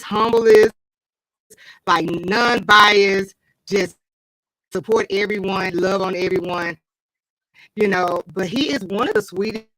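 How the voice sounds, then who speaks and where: A woman's voice: medium pitch, unhurried, pauses often, fairly bright tone, no room sound, low-quality recording. A woman hosting a live online interview, effusive and chatty, laughing often, talking into a computer mic. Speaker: host. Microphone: computer mic, live stream.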